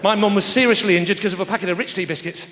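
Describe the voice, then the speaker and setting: A man doing live stand-up comedy, teasing the crowd, with loud punchlines. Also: sits high, very fast. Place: large theatre stage with audience. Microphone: stage microphone. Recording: roomy live theatre with audience noise. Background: audience laughter.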